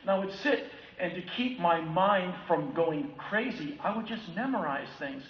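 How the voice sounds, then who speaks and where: A man in his fifties from the United States giving a keynote talk, telling personal stories in an animated way and acting out other people's voices. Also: sits high, a little slow. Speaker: keynote speaker. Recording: echoey hall from far off, dull lo-fi sound with faint ambience.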